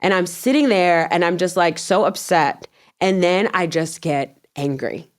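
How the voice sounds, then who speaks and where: A woman guest telling a story in an interview. She is animated, laughs often, acts out her own past words, and swears bluntly. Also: fairly low pitch, a little slow.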